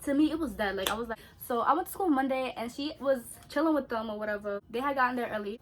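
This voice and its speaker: High-voiced chatty New woman. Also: slight background noise. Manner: animated, chatty, slangy, laughs often. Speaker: beauty vlogger. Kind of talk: casual storytime during skincare routine.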